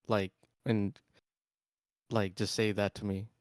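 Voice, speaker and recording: A man in his twenties, a student, talking in a deadpan monotone in casual voice-chat banter. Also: lowish voice, slow, dry recording, studio quality. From United States. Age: 20s.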